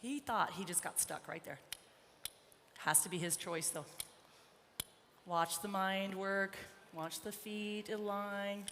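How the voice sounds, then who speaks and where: In a large indoor arena, a woman trainer coaxes her colt and talks to the audience during a live demo. She speaks slowly and pauses often, in a medium-pitched, fairly bright voice with fairly even intonation. The space reverberates, and there's faint noise.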